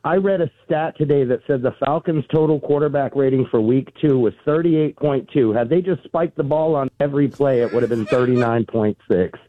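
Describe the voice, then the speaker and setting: A man's voice: mid-range voice, a little fast, hardly any pauses, no room sound. A man calling in to a sports radio show, wry and exasperated. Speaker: caller. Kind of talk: phone call-in chat. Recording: dry tinny phone line.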